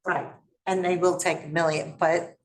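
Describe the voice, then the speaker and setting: A woman with a New York accent chiming in during a real estate class with quick corrections and asides. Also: on the low side, little pitch movement, echoey room, recorded from a distance, a little hiss or hum. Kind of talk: casual class discussion.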